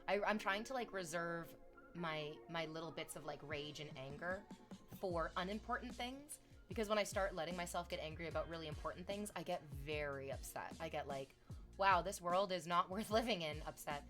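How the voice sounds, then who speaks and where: Sarcastic animated woman streamer. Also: lowish voice, brisk, over music. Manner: animated, sarcastic, reads chat aloud. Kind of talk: casual stream chat.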